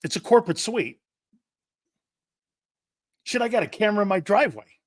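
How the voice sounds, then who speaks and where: A man's voice: high voice, big pitch swings, normal speed, dry recording, clean studio sound. A brash middle-aged man hosting a sports talk show, ranting in rhetorical questions and laughing often.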